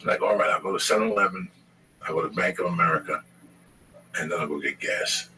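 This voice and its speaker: A man's voice: low voice, brisk, bright, forceful tone. A man telling a rambling, profane story in casual chat. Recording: distant mic with faint noise.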